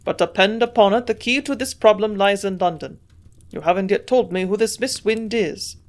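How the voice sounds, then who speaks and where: A woman voicing a shrewd old German male scientist who grunts out blunt remarks in a put-on German accent, louder than her narration. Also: medium pitch, moderate pace, lightly acted. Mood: gruff.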